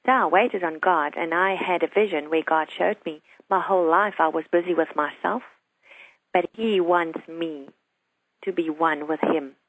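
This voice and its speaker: Low-voiced woman giving earnest testimony. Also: moderate pace, no echo, rough recording. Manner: earnest storytelling, quoting her son in a hushed voice. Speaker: guest. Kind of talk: personal testimony on a talk show.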